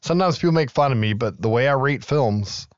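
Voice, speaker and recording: A man's voice: medium pitch, lively intonation, a little fast, no room sound, lo-fi sound. A man in his thirties, a podcast co-host, recapping a film in casual chat and acting out its lines with laughs.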